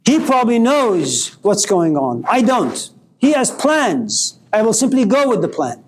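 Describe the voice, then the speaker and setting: A man's voice: sits high, wildly swooping pitch, a little slow, a little hiss or hum, poor audio. A man giving a philosophy lecture, posing provocative rhetorical questions.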